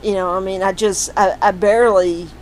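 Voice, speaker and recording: A woman's voice: medium pitch, fairly even intonation, normal speed, a little mellow, a little hiss or hum, rough recording. A woman casually walking through family history records on screen, rambling with lots of fillers and restarts. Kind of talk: casual screen-share walkthrough.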